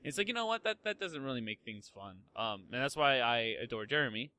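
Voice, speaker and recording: A man's voice: mid-range voice, lively intonation, quick pace, sharp tone, smooth. A young man hosting a podcast in casual chat, rambling with lots of fillers and restarts and swearing freely. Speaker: podcast host.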